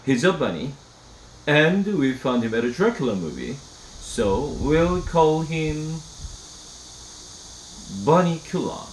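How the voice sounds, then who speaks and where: Man doing a calm mom voice, measured and firm, a bit higher than his own, echoey room. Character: calm firm mother settling a family argument. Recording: echoey room, faint hiss.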